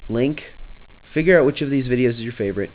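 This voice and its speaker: A man's voice: medium pitch, fast, phone-quality sound. A young man vlogging casually, joking offhand, trailing off and restarting his thoughts. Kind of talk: rambling casual vlog.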